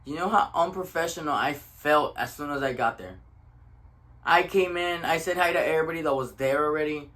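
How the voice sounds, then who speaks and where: A young man tells a story to camera, worn out from little sleep. His voice sits somewhat high and comes across forceful and tense. His talk is casual and profane, and he moves between English and Spanish. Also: brisk. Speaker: vlogger telling a story.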